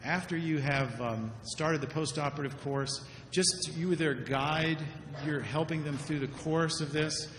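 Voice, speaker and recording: A man's voice: a little high, a little slow, few pauses, a bit bright. A man giving a conference talk about surgical mistakes, earnest and repeating words when he stresses a point. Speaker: surgeon giving a lecture. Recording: echoey lecture hall, faint noise.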